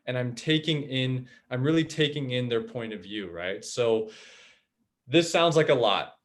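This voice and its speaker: A man's voice: mid-range voice, unhurried. Man teaching a live webinar. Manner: conversational, frequent "right?" checks. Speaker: webinar trainer.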